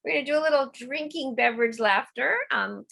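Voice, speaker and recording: A middle-aged woman leading a laughter yoga class, coaxing and playful, breaking into deliberate laughs. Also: high-pitched, vocal fry, a bit bright. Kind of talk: guided laughter exercise class.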